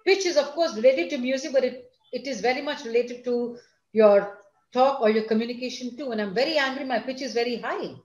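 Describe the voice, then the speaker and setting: Expressive woman teaching a class. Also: a little high, fairly quick, echoey room, muffled recording. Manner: expressive, teacherly, addresses listeners directly. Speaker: school principal giving a talk. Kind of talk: online lecture to students and parents.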